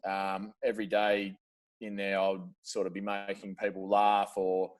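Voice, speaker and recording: Australian man, low-pitched, laid-back, slangy, casual podcast chat. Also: monotone, normal speed. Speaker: podcast guest.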